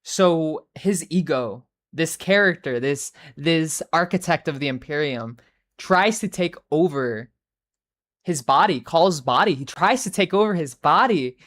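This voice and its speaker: A livestreamer welcomes viewers and chats loosely, rambling, cursing, and filling gaps with fillers. Her voice sits low and is expressive, with a measured pace.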